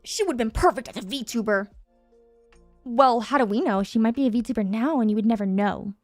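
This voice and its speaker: A woman hosting a stream in casual chat, bubbly and animated, reacting to her chat in a playful way. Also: a little high, normal speed, dry recording, faint music behind. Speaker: VTuber streamer, host.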